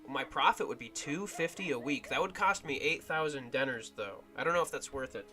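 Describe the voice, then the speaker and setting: A man's voice: medium pitch, lively intonation, a little fast, pushed and bright, soft background music. A man streaming a game in casual commentary, thinking aloud and often trailing off and restarting.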